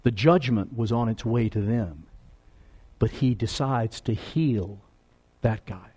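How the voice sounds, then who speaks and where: A man preaching a sermon, swinging between loud emphatic lines and hushed, low asides. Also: slow, husky. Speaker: pastor.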